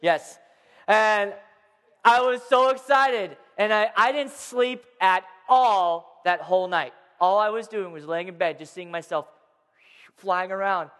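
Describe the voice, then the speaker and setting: A man in his thirties telling a personal story to a live audience in a playful, animated way, asking the crowd questions as he goes. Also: high voice, measured pace. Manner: playful, addresses the crowd directly. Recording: long hall reverb.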